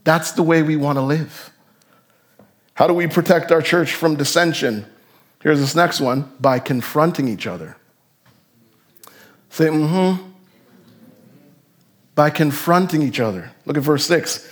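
A man preaching a sermon as pastor, animated, his voice jumping up for emphasis and then dropping low. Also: moderate pace. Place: church sanctuary.

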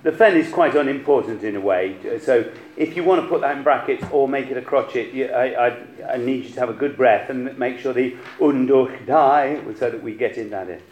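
A man's voice: mid-range voice, fairly quick, darkish tone, slight background noise. A man leading a choir rehearsal, encouraging the singers with hesitant restarts and short sung snippets. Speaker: choir conductor. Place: rehearsal hall. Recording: echoey hall with choral music. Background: choir singing.

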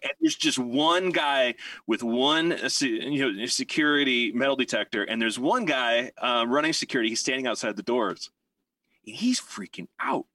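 A man telling a long anecdote in casual podcast chat, rambling and animated with many fillers and restarts. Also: medium pitch, normal speed, dry recording, distant mic.

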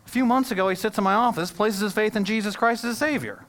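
Man preaching, raised pitch. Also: fast. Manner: storytelling, swings from quiet asides to loud peaks; jokes with the congregation. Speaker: pastor. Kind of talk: sermon. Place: church service held in a movie theater.

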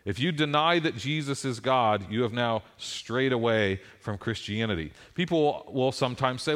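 A middle-aged male pastor preaches a sermon in an even, mid-range voice. He tells stories with animated, rising emphasis. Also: mid-range voice, normal speed, few pauses.

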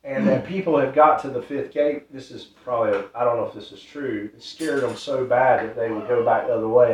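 A man telling a ministry testimony in an earnest, repetitive, casual way. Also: mid-range voice. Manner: earnest, repetitive, loose grammar. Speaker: ministry storyteller. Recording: roomy, distant, dull sound.

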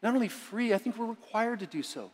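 A middle-aged man preaching a sermon as a pastor, moving between hushed reading and loud, emphatic lines. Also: sits high, animated, a little fast, breathy edge. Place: church sanctuary. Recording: church sanctuary with long reverb.

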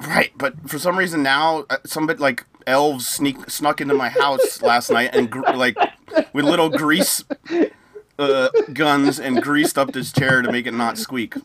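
A man's voice: medium pitch, fairly even intonation, measured pace, fairly bright tone, a little hiss or hum. A man co-hosting a podcast, chatting casually, often laughing and giving his opinions. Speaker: podcast co-host. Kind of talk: casual chat.

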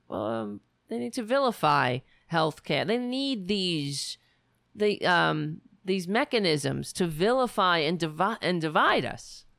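Brief: raspy woman host, lowish voice, dry close sound, blunt political commentary. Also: a bit bright, dry recording. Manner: emphatic, repetitive, restarts mid-sentence. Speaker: show host. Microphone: home computer setup.

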